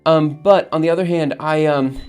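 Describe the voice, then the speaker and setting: Upbeat male streamer, a touch high-pitched, chats loosely with viewers while coding; soft music under him. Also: fairly even intonation, normal speed, smooth. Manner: rambling, upbeat, lots of fillers and laughs. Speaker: livestream host. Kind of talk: casual coding livestream chat.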